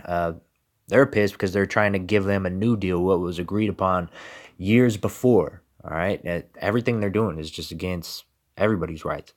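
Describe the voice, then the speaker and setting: A man giving emphatic political commentary and reading scripture, with repeated rhetorical questions. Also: deep voice. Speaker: religious commentator.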